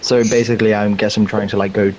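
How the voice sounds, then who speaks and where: Male player, very low voice, hesitant; muffled, slightly noisy recording. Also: little pitch movement, fast, a little mellow. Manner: hesitant, filler-heavy. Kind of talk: tabletop game chat.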